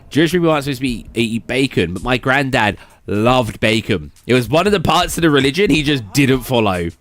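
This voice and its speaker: A man's voice: medium pitch, fairly bright tone, no room sound. A young British man chatting casually with viewers on a late-night stream, rambling with lots of fillers and restarts and reading chat aloud.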